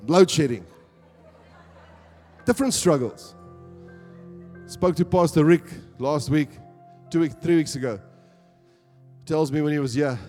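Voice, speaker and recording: South African pastor preaching in a reverberant hall. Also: male voice, on the high side, unhurried, long pauses, mellow. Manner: preaching with rising emphatic calls to the congregation. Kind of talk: sermon. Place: church hall. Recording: long church hall reverb with faint music.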